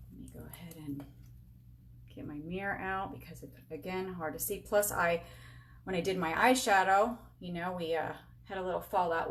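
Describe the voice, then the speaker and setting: A woman's voice: on the low side, slight background noise. A woman in her forties giving a casual live-stream makeup tutorial, chatty and upbeat, talking to herself and her viewers as she works. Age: 40s. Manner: chatty, talks to herself and viewers while working; upbeat, self-teasing. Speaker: beauty sales rep demonstrating makeup. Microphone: camera with a halo light.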